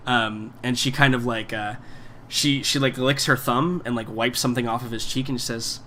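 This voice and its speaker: A game master, a man, describes scenes in a tabletop game in a relaxed way. He fills his narration with fillers, and his voice sits at an ordinary pitch. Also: moderate pace, slight background noise. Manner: casual, many fillers like "um" and "like".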